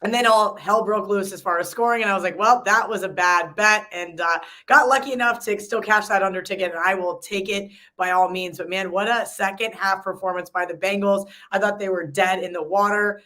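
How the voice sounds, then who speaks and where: A woman co-hosts a casual sports betting chat, telling rambling, conversational stories about games. Her voice is strikingly bright and sharp-edged at a middle pitch. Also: fairly even intonation, fairly quick, hardly any pauses. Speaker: sports betting show host.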